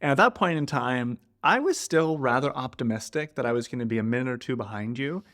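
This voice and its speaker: A man from Canada co-hosting a podcast, retelling a chaotic trip in a lively, animated way, acting out quotes and swearing. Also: medium pitch, a little fast. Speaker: podcast co-host. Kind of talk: casual storytelling chat.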